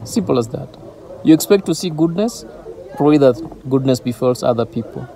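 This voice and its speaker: Mellow-voiced man giving earnest devotional talk. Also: mid-range voice, expressive, moderate pace, gravelly, a little hiss or hum. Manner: earnest, repetitive emphasis. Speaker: Christian teacher.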